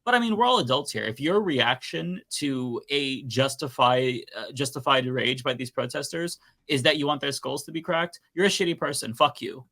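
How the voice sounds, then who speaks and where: A man with a bright, forceful voice co-hosts a panel stream over a video call. He talks in a heated, exasperated way and swears freely. His pitch sits in a middle range. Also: normal speed, hardly any pauses. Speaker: panel show co-host. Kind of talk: casual panel chat.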